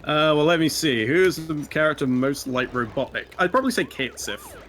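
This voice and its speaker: A man running a game on a charity stream, chatting in a relaxed, rambling way. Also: on the high side, normal speed, a little hiss or hum. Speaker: speedrunner. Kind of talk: casual live-stream chat.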